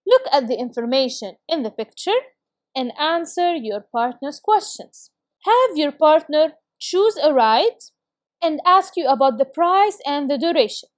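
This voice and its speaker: High-voiced encouraging woman teacher. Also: expressive, dry recording, studio quality. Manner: encouraging, praises students often; slow, careful reading of model phrases. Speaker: English teacher. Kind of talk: recorded video lesson for schoolchildren.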